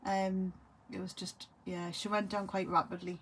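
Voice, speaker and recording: A grieving, tearful woman talks to camera in a halting way, often trailing off and repeating herself. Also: medium pitch, flat delivery, a little hiss or hum. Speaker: vlogger. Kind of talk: emotional monologue to camera.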